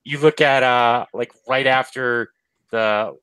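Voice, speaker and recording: A man's voice: mid-range voice, fairly even intonation, takes it slowly, fairly bright tone, smooth, dry recording, low-quality recording. A man in a casual review discussion, rambling and hesitant. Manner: rambling, hesitant, many restarts.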